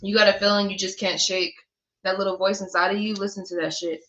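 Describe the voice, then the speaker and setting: A woman reads cards in a casual, blunt way, swearing freely and laughing at herself. Her voice sits at an ordinary middle pitch. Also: steady tone, fast talker, muffled recording, heavy background noise. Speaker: tarot reader. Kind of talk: casual spiritual card reading.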